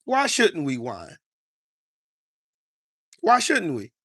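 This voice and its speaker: A man's voice: high voice, wildly swooping pitch, drawn-out words, pushed and bright, slightly rough, no echo, studio quality. An American man delivering heated political commentary in an angry, profane, repetitive rant.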